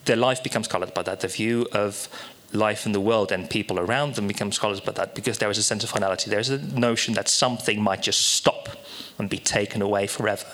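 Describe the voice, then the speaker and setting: A man performing a halting, confessional stand-up set at a small live venue, darkly joking with the audience. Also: fairly low pitch, steady tone, fairly bright tone.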